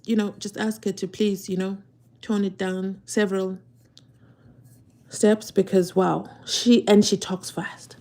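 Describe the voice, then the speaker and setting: A woman hosting a casual live stream from her phone, chatting away and swinging from loud excited pleas to soft whispered asides. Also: mid-range voice.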